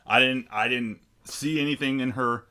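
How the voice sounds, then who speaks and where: A man's voice: mid-range voice, fairly even intonation, normal speed, bright, forceful tone. A young man co-hosting a casual movie podcast, weighing his opinions with many restarts and putting questions to his co-host. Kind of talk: casual movie review chat.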